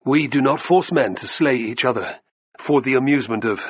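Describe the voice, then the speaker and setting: A man's voice: medium pitch, normal speed, slightly rough, no echo, lo-fi sound, close to an everyday voice. A man voicing a proud, defiant enslaved gladiator in an audiobook reading, with short, terse, raised lines.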